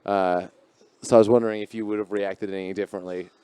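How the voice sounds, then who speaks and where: A man's voice: lowish voice, level tone, quick pace, dark tone, smooth, no room sound. A man co-hosting a podcast in a garage, telling stories in a rambling, profane, casual way. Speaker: podcast co-host.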